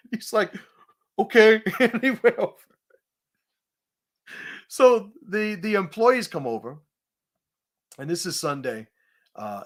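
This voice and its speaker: A man host telling a profane confrontation story in a casual, animated way, laughing at his own punchlines. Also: fairly high pitch.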